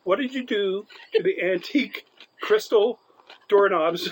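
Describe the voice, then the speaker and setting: A man with a slightly high voice rambles through a story in a casual podcast chat and keeps laughing. A faint background noise sits under his voice. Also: animated, measured pace, fairly bright tone, poor audio. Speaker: podcast co-host.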